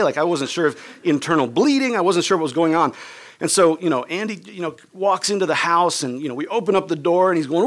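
A pastor giving a sermon as a man with a slightly high voice that swings widely in pitch. He tells the story casually, with lots of "like" and "right?" thrown in, and acts out each character's lines. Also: lively intonation, brisk, a bit bright. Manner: conversational, many "like" and "right?" asides.

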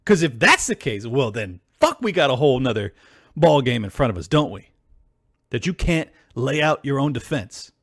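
Heated man ranting, very animated. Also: mid-range voice, normal speed, slightly rough, no echo, clean studio sound. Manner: heated, profane and combative, breaking into yelling. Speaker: podcast host. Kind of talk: solo political podcast rant.

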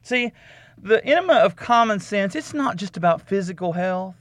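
A podcast host delivers a comic advice monologue, calling himself "the Doc" and lecturing with heavy repetition and drawn-out emphasis. His high-pitched voice is animated and fairly bright, and the recording is dry.

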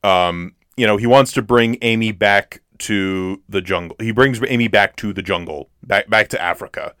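In a clean studio recording with no echo, a male podcast co-host rambles through a casual movie review, restarting often and using lots of fillers. His voice sits on the low side, clear and resonant with a fairly bright tone, at a moderate pace.

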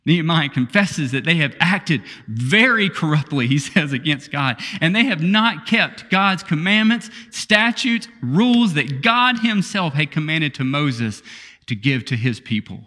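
A man preaching a sermon, reading scripture with laughter and quiet asides. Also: a little high, animated, a little slow, long reverb tail. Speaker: pastor.

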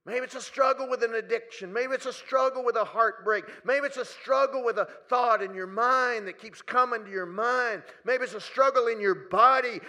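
High, bright-voiced preacher, whispers to shouts. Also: male voice. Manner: swings from hushed near-whispers to loud, pleading cries; slow, drawn-out phrasing. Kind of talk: sermon. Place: church hall with a live congregation.

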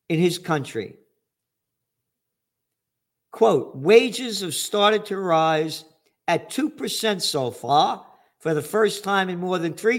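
An older man hosting an angry, profane commentary monologue, ranting sarcastically about the economy. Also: high voice. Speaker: trend forecaster host.

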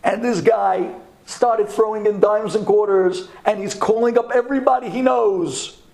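A middle-aged male rabbi tells a story in a sermon. His voice sits a little high. He drops to a hush and then rises again for drama. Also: steady tone, normal speed, vocal fry. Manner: dramatic, swinging from hushed to loud.

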